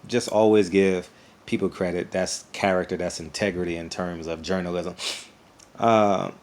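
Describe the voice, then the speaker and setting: Male YouTube commentator, fairly low voice, animated, rambling, repeats himself. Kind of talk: casual opinion vlog.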